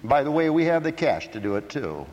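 A man preaching a sermon emphatically, dropping to quiet asides and rising to shouts. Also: fairly high pitch, big pitch swings, a little fast, dull audio, slight background noise. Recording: echoey hall.

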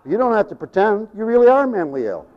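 An older man preaching a sermon as pastor, telling folksy stories, acting out voices and rising to shouts. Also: high-pitched, very animated, quick pace. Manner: folksy storytelling, acts out voices, rises to shouting. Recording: dull lo-fi sound with long hall reverb.

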